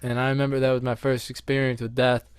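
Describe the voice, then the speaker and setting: A man's voice: quick pace, clear, resonant tone, no room sound. A young man co-hosting a podcast, chatting casually and acting out the voices in his stories. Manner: animated storyteller, acts out quoted voices with big pitch jumps. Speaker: podcast co-host. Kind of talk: casual chat.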